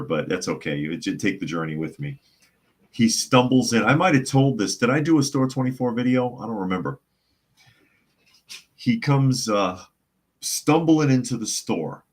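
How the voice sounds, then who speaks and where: A man hosting a live podcast, chatting casually, reading viewer comments aloud and telling long, rambling stories in which he acts out the other people's voices. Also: on the low side. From United States. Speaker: podcast host.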